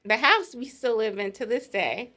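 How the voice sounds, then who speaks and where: A woman's voice: fairly high pitch, expressive, normal speed, sharp tone. A middle-aged woman casually telling the story of her engagement, laughing often as she goes. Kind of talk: casual chat.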